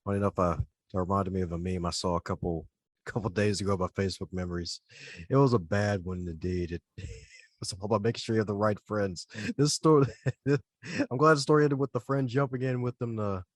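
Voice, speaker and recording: Podcast host guy, chatty, laughs a lot, low voice, dry sound. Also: steady tone, fairly quick, no room sound. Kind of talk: casual interview chat.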